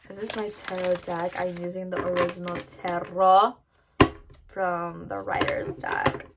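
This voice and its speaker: A woman's voice: on the low side, a little slow, vocal fry, heavy background noise. A woman giving a casual tarot reading to viewers, chatty and full of "like" fillers. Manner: chatty, lots of "like" fillers, addresses viewers directly. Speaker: tarot reader.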